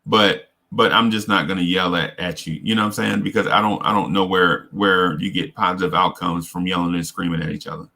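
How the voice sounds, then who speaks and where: A man hosts a casual advice talk in a slightly low voice with a forceful, sharp edge. He speaks earnestly and haltingly, often restarting and repeating words as he works through his points. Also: fairly even intonation, vocal fry. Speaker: host.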